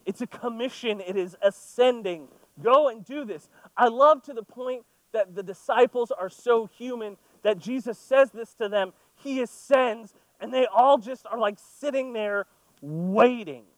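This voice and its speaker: High-voiced, chatty man preaching. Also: measured pace, no room sound, poor audio. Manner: conversational, playful asides. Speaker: pastor. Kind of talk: sermon with scripture reading.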